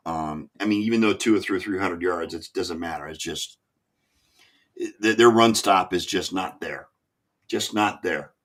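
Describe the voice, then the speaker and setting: A man's voice: sits low, measured pace, fairly bright tone. A man hosting a casual sports podcast, easygoing and stumbling over repeated words. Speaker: podcast host.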